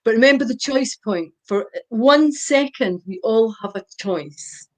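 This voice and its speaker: A woman's voice: a little high, animated, unhurried. An older woman, a guest expert, giving parenting advice in a podcast chat, stressing her points and checking in with "right?". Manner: emphatic, repeats points with a tag question.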